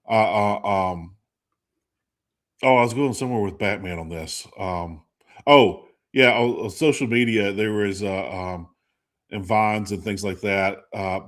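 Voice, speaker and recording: A man's voice: on the low side, fairly bright tone. A man hosting a talk show in casual chat, rambling with lots of fillers and laughing often. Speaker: host.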